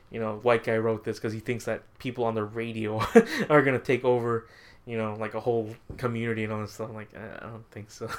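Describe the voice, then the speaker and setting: A man co-hosting a podcast in casual chat, rambling and laughing often as he quotes his own reactions. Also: mid-range voice. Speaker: podcast co-host.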